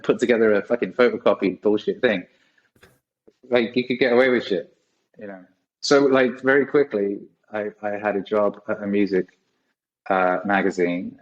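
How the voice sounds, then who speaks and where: A man's voice: medium pitch, rough recording. A man in his forties, a guest on a podcast, telling rambling stories in a casual way and swearing often. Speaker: guest musician. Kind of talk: casual storytelling.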